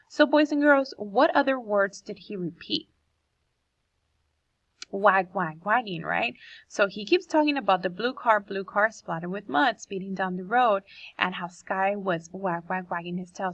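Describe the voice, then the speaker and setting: A woman's voice: medium pitch, expressive, a little slow, a bit bright, dry recording, highs cut off. A woman teacher reading a poem aloud to children and explaining it, asking the class questions as she goes.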